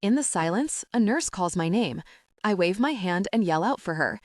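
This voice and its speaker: A woman narrating a first-person audiobook in an expressive, wry storytelling voice. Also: medium pitch, normal speed, no room sound, studio quality, recorded from a distance.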